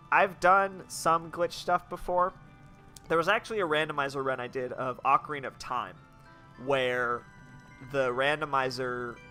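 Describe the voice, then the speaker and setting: A man's voice: mid-range voice, pushed and bright. A young man chatting casually as he plays a game, rambling with lots of restarts. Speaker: game streamer. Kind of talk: casual let's-play commentary.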